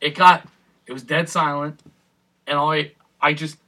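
A man's voice: a little high, moderate pace. A young man in casual chat, telling stories with a lot of swearing and acted-out quotes. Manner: profane, animated storytelling with acted-out quotes.

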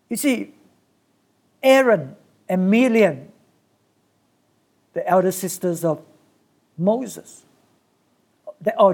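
A preacher with a gravelly, creaky voice delivers a sermon from start to finish. The delivery is emphatic and comes in short bursts, with key phrases repeated for weight. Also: medium pitch, a little mellow.

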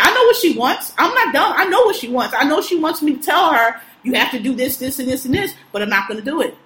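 High-voiced woman ranting profanely. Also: pushed and bright. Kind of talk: casual chat, venting. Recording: echoey room.

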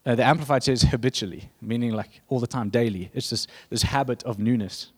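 Male preacher, mid-pitched, casual rambling sermon delivery full of asides. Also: fairly quick, husky. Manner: conversational, rambling with restarts and asides.

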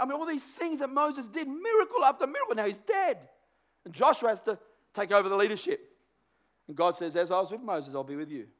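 High-voiced animated male preacher. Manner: animated, acts out inner thoughts, repeats words. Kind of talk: sermon.

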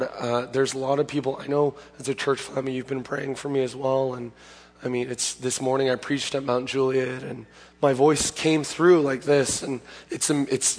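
A man preaching a conversational sermon as pastor, hoarse from having lost his voice, chatty and plain-spoken with frequent self-corrections. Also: medium pitch, level tone, normal speed. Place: church sanctuary. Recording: long hall reverb.

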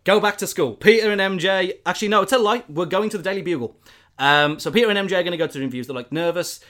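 Dude telling a story, excited, all over the place. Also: male voice, sits high, very fast. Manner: animated, rambling storyteller with many fillers. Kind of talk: casual plot retelling.

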